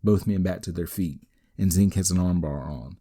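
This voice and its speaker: A man hosting a wrestling podcast, giving a steady, matter-of-fact play-by-play recap with the odd dry aside. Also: low-pitched, moderate pace, breathy edge. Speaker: podcast host.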